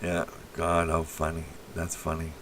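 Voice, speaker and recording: A man's voice: very deep voice, completely flat delivery, measured pace, fairly bright tone, far from the mic, a little hiss or hum. A man from Canada hosting a casual livestream, rambling bluntly and crudely as he reacts to chat messages. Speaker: livestream host. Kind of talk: casual live-stream chat.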